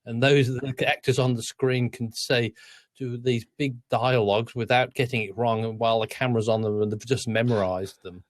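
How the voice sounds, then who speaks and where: An Australian man co-hosting a relaxed weekly podcast, talking in long, rambling stretches full of restarts and trailing asides. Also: medium pitch, normal speed, no echo, clean studio sound. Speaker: podcast co-host. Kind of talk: casual chat.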